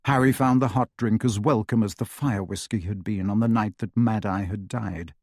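A man narrating an audiobook in a steady, measured storytelling voice. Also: on the low side, no room sound, clean studio sound. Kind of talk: scripted narration.

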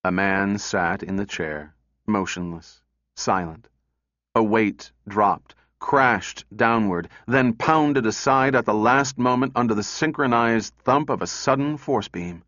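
A man narrating a story in a measured, steady way. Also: lowish voice, dry recording, lo-fi sound. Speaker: audiobook narrator. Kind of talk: scripted narration.

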